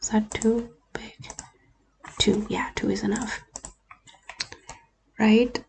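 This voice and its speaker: A woman whose first language is not English, talking through a screen-recorded editing tutorial in a relaxed, often half-whispered way. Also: fairly high pitch, slow, gravelly, a little hiss or hum. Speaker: YouTuber. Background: faint keyboard and mouse clicks.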